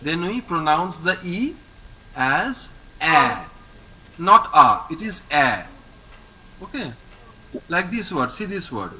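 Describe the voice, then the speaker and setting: A high, bright male voice with an Indian English accent, taking his time and repeating every word for a student. He talks in a lively, rising-and-falling way over a video call, with faint background noise. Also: rough recording. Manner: patient, repeats each word slowly for the student. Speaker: French teacher. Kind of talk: online language lesson.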